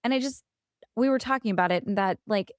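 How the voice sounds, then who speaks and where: A woman's voice: mid-range voice, quick pace, no echo. A woman in her thirties co-hosting a podcast, chatting casually and acting out quotes as she tells a family story. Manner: animated storyteller, acts out quotes. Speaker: podcast co-host. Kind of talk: casual chat.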